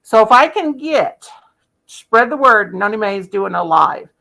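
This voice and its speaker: Folksy woman hosting a live chat, gravelly and chatty. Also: medium pitch, lively intonation, a little slow, bright, forceful tone, low-quality recording. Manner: chatty, folksy, addresses viewers by name. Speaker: livestream host. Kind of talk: casual livestream chat.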